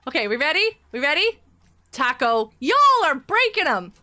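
A woman streaming a game and chatting casually with her daughter, excitable and giggly. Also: sits high, moderate pace. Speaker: streamer, mother of co-host. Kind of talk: casual live-stream chat while gaming.

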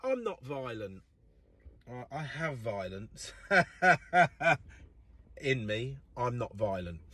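Sweary man with a husky voice. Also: mid-range voice, very animated, extremely slow, pushed and bright, no room sound. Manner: blunt, profane, swings between mutters and outbursts. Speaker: vlogger. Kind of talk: casual sweary rant to camera.

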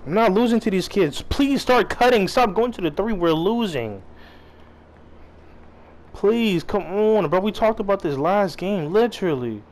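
Excitable young gamer, lively swinging pitch. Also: male voice, measured pace, rough recording. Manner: excitable, yelling instructions at teammates, profane. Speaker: gamer playing online. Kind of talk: live gameplay commentary.

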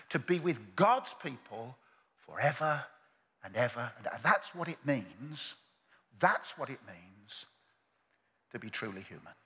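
An older man preaching a sermon at a convention, earnest and moving between loud climaxes and hushed quiet. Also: mid-range voice, slightly rough, big-room sound. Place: large convention hall.

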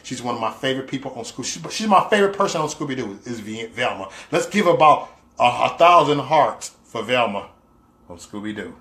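During a casual livestream, a man reads comments from viewers and teases them playfully, laughing often with loose slang fillers. His medium-pitched voice is animated, a bit bright, and a little fast.

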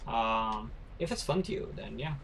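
A young man streaming a video game, chatting with his viewers as he plays and breaking into shouts and high laughter at what happens on screen. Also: expressive, normal speed, gravelly, a little hiss or hum. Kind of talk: casual gaming livestream chat.

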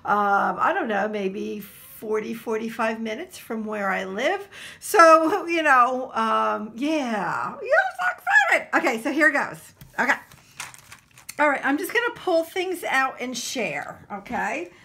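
A woman from New Jersey chatting casually to her camera as she unboxes craft supplies, gushing and excited, with lots of fillers. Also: fairly high pitch, slow pace, vocal fry, a little hiss or hum. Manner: gushing and excitable, full of exclamations. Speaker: craft vlogger.

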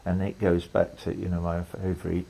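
A man's voice: low voice, completely flat delivery, moderate pace, vocal fry, warm tone, husky, low-quality recording. An older man, telling a long story as an interview guest, rambling with restarts and quoted lines. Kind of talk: relaxed storytelling conversation.

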